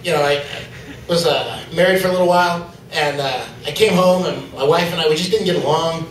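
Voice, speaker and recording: A male stand-up comedian with a fairly high voice tells a loose, rambling set, full of fillers. The sound is roomy and distant, picked up from far off in a comedy club, with faint noise behind him. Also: brisk.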